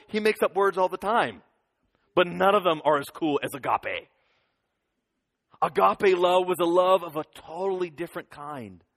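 A man in his thirties giving a lively children's sermon, leading the kids in call-and-response. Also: high-pitched. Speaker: children's pastor. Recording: long hall reverb.

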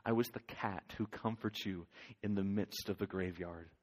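A male preacher voicing a vast, solemn, all-knowing lion in a low, hushed, slow voice. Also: fairly even intonation, big-room sound. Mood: grave. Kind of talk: dramatic scripture storytelling.

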